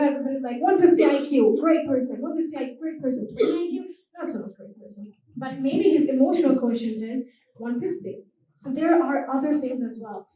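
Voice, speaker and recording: A young woman from India with an American accent, giving an emphatic motivational speech to students. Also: high-pitched. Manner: animated, emphatic and repetitive, switches accents on demand. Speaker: guest motivational speaker. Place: university hall. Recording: echoey hall from far off.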